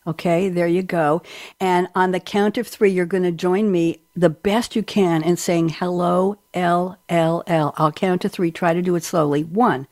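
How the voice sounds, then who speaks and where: A woman's voice: lowish voice, fairly even intonation, moderate pace, a little mellow. Chatty playful New York woman radio host. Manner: playful, rambling, jokey asides. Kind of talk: chatty talk show opening.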